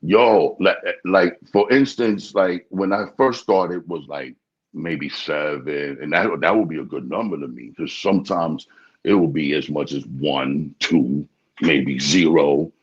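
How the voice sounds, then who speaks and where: A man chatting casually in an interview, animated, often stammering and repeating words. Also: very deep voice, measured pace, slightly rough. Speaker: podcast host being interviewed. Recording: dull lo-fi sound.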